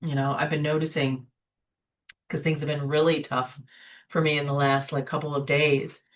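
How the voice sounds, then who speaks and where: A woman's voice: deep voice, flat delivery, moderate pace. A woman hosting a spiritual recovery webinar in a casual, conversational way, often asking "right?" and adding "you know" as she talks. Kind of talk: informal spiritual webinar talk. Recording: voice somewhat distant from the mic.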